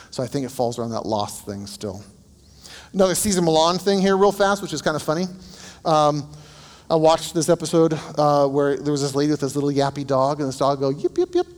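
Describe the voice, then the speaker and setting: A man's voice: medium pitch, a little fast, in a large hall. A man working as a counselor, teaching a group in a casual, anecdotal way and asking them questions. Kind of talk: conversational teaching.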